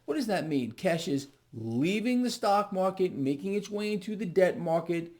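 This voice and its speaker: A man's voice: high-pitched, animated, normal speed, darkish tone. A man delivering market commentary straight to viewers, emphatic and repetitive, often calling them "people". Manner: emphatic, repeats words, addresses viewers as "people". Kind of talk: direct-to-camera market commentary.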